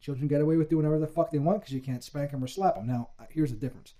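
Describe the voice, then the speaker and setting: A man's voice: a little high, rapid-fire, mellow. A young man ranting heatedly with lots of swearing in a casual chat.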